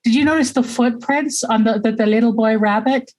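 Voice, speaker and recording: A woman chats casually on a podcast and laughs easily. Her voice sits fairly high. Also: fairly quick, low-quality recording. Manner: relaxed, laughs often. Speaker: podcast co-host.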